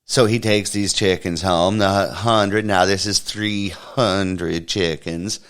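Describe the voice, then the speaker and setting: A man hosting a podcast, telling a long joke in a folksy, drawn-out storytelling way. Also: low-pitched, fairly even intonation, fairly bright tone, smooth. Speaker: podcast host.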